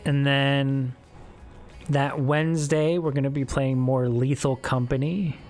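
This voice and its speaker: A man chatting loosely with viewers on a live stream, his pitch sitting in an ordinary middle range. He rambles from one thought to the next in a candid tone and swears casually. Soft music plays faintly underneath. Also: fairly even intonation, moderate pace. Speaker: streamer talking with chat.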